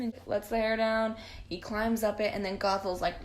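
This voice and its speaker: A woman's voice: medium pitch, steady tone, normal speed. A young woman recapping a movie casually, sarcastic, profane and rambling. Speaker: vlogger.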